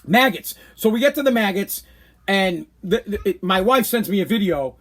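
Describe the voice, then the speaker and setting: A man, hosting a podcast with an animated, exasperated rant. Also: high voice, moderate pace. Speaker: podcast host. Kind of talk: casual ranting monologue.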